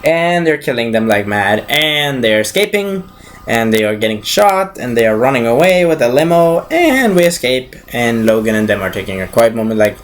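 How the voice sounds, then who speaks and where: Excitable man recapping a movie, animated pitch. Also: normal speed, slight background noise. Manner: excitable, swears freely, acts out scenes; restarts and self-corrections. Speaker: movie reviewer. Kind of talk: casual rambling film recap.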